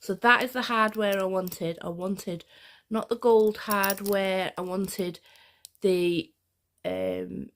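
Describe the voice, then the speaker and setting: A woman vlogger talking casually, telling a rambling, excitable story. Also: mid-range voice, slow pace, gravelly, slight background noise. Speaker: fashion vlogger. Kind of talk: casual chat.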